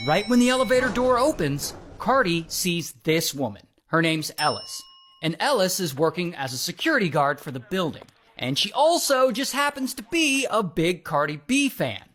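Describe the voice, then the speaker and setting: A man narrating a story in a casual, wry way, with dramatic pauses and amused asides. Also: sits high, a bit bright.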